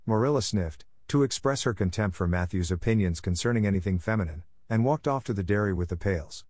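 A male audiobook narrator reading in a steady, even way. His voice sits on the low side, and the close mic gives a dry sound with no room echo. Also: fairly quick. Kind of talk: scripted narration.

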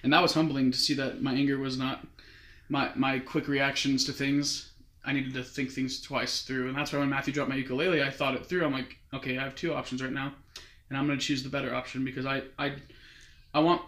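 A man's voice: medium pitch, flat delivery, brisk, fairly bright tone. A young man casually telling a long story as a guest. He rambles and keeps quoting others with "he's like". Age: young adult. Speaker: guest recounting his mission. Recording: roomy echo.

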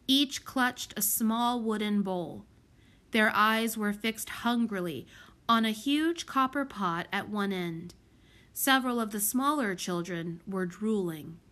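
A woman narrating a children's audiobook in an expressive, measured way. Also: medium pitch. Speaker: audiobook reader.

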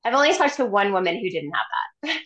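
A woman's voice: medium pitch, very animated, quick pace, a bit bright, rough recording. A woman guest on a podcast, chatting casually and animatedly about chakras, acting out voices and laughing often. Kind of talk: casual chat.

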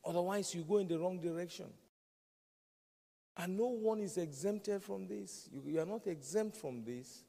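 A man's voice: high-pitched, normal speed, gravelly, warm tone. A man preaching a sermon, emphatic and fond of repeating key phrases. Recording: long reverb of a large hall.

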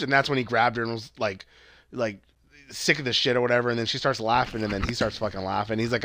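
A man's voice: medium pitch, fairly even intonation, fast talker, sharp tone. A young man casually retelling a movie plot, acting out the characters' lines and swearing freely. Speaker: podcast co-host. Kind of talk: casual movie review chat.

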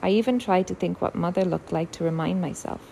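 A woman voicing a quiet, wistful teenage younger sister with a steady, firm resolve. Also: on the low side, brisk, creaky, a little hiss or hum, low-quality recording.

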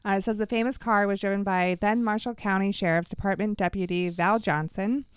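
Smooth-voiced woman podcast host. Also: medium pitch, steady tone, brisk, no room sound, studio quality. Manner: reads news articles aloud with fillers and laughs. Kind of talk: casual podcast chat.

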